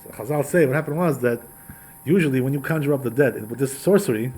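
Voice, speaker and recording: A man's voice: mid-range voice, fast talker, husky, poor audio. A male rabbi teaching a Torah class, retelling a story in a chatty way with frequent asides to his listeners. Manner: conversational, repetitive asides, animated retelling.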